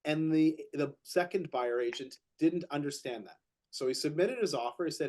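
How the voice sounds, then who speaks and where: A man's voice: a little high, normal speed. A man co-hosting a podcast, telling a real estate story in casual chat, repeating words as he gets going and acting out what others said. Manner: animated, repeats words when excited, acts out quotes.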